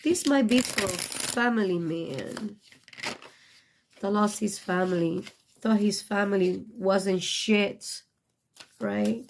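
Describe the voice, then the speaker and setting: Gravelly, slow-talking middle-aged woman reader. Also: mid-range voice, a little hiss or hum. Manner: emotional, blunt and profane, choking up at times. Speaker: tarot reader. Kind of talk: casual tarot reading.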